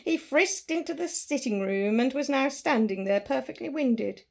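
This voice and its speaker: A woman narrating a classic story with an expressive, dramatic reading. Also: high voice, normal speed, gravelly, few pauses.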